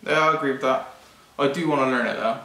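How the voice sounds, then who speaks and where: A man's voice: mid-range voice, fast talker, sharp tone. A man, chatting casually as a vlog co-host in a laid-back, hesitant way. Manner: laid-back, hesitant, full of ums and likes. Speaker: vlogger co-host. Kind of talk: casual chat. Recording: roomy sound, mic at a distance.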